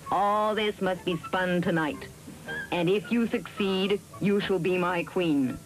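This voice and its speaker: A woman voicing a greedy king who gives stern, slow commands in a storybook reading. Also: lowish voice, music in the background, rough recording. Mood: commanding.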